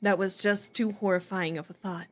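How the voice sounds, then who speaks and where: A woman's voice: mid-range voice, fairly even intonation, moderate pace, pitched below the performer's own voice, close to an everyday voice. A woman reading the first-person narration of a wary, paranoid teenage boy in a readalong, in a tense, self-warning inner monologue.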